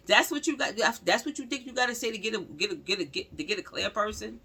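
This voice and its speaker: A woman with a mid-range, slightly rough voice talks fast with hardly any pauses, giving blunt, slangy true-crime commentary straight to her viewers. Animated and casual, she repeats phrases for emphasis.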